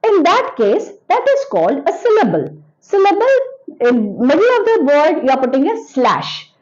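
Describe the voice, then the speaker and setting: A woman teaching an English grammar lesson to children, repeating example words slowly and sounding them out. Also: high-pitched, huge pitch swings, a little mellow, dull audio.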